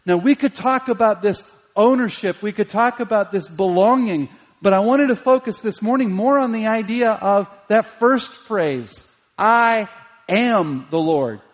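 A man's voice: high voice, lively intonation, moderate pace. A man preaching a sermon as pastor, emphatic and dwelling on single words. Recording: dull lo-fi recording in a reverberant hall.

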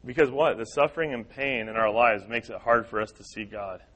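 A man of medium pitch teaches a church class. He talks in an earnest, repetitive way, voicing the worries of the people he quotes to drive each point home. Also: fairly quick, fairly bright tone, rough recording. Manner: earnest, repeats key points, acts out quoted voices.

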